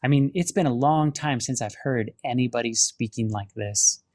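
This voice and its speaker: A man's voice: mid-range voice, normal speed, darkish tone. Man telling an earnest faith testimony. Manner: earnest storytelling with many restarts and dramatic acted-out quotes. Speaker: film studio director.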